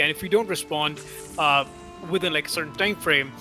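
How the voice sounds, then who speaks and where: A man from India, chatting casually and haltingly while gaming with friends. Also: fairly high pitch, bright, forceful tone, soft background music. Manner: rambling, halting with many fillers and restarts. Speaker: gaming stream co-player. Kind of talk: casual chat.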